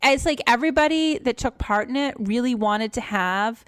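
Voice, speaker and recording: A woman from New England co-hosting a podcast review, animated and exasperated as she talks. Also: on the high side, normal speed, smooth, no echo, clean studio sound. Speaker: podcast co-host.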